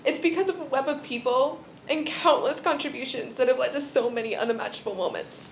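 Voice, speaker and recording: A woman's voice: high voice, fast, a little hiss or hum. A young woman giving an emotional acceptance speech at an event, tearful and laughing, often losing her place in her script. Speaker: award speaker.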